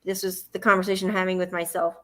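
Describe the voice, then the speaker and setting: Fast, pushed, and bright, this fairly low voice with little pitch movement belongs to a livestream host with a Southern US accent. She's telling a long personal story and acts out her own panic in the quoted sections.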